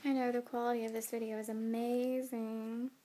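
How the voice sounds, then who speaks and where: A young woman with a somewhat high voice tells her story into a phone camera. She sounds tired and yawns now and then. She talks casually, with plenty of fillers. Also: little pitch movement, normal speed, warm tone, slight background noise. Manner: chatty, many "like" and "um" fillers. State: tired, yawning. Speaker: new mother.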